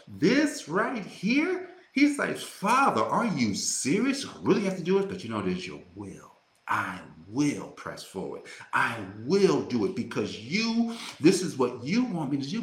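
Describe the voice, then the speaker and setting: A man's voice: mid-range voice, fairly bright tone, roomy sound. A man hosting a faith-based motivational podcast, talking in a fervent preaching cadence full of restarts and repeated words. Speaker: podcast host.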